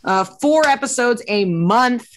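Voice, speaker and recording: A woman hosting a casual comedic talk show, animated and quick, often laughing through her asides. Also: fairly high pitch, a little hiss or hum. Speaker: show host.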